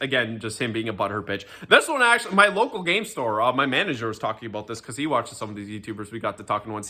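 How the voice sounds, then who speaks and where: Sarcastic, animated young man ranting. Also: medium pitch. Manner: sarcastic, profane, mocking, with frequent fillers and restarts. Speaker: commentary ranter. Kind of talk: casual rant commentary.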